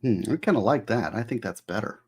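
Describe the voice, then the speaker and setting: Husky man musing with his live chat. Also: on the low side, lively intonation, fairly quick, a little mellow. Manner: musing aloud, asking chat for opinions. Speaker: author hosting a livestream. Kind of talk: casual livestream chat with viewers.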